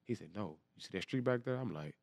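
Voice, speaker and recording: Fast-talking man telling a story. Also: lowish voice, vocal fry, dry recording. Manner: animated, quick storytelling with slang and repeated quotes. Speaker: guest. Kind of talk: casual storytelling.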